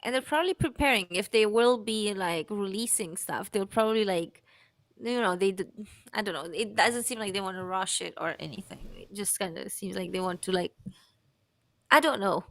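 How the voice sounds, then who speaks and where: A woman's voice: mid-range voice, normal speed, no echo. Chatty woman co-host, dry sound. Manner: chatty, hesitant, trails off. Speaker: podcast co-host. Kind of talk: casual commentary chat.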